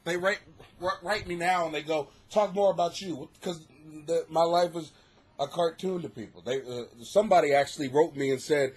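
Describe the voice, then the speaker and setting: A man hosting his own comedy podcast, rambling in a profane, animated monologue and laughing at his own jokes, with a husky voice. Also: fairly high pitch, moderate pace. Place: home basement.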